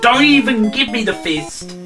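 A man hosting a let's play, swearing non-stop and ranting and shouting at the game as he plays. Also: very high-pitched, expressive, a little slow, distant mic. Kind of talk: frustrated gameplay commentary. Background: retro game music.

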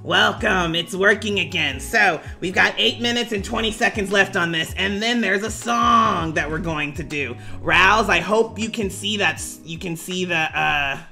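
A man's voice: high voice, measured pace, gravelly, hardly any pauses, sharp tone, soft background music, heavily acted. A man voicing a self-assured female professor, formal in greeting but swearing in casual asides, on a live stream. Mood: chatty.

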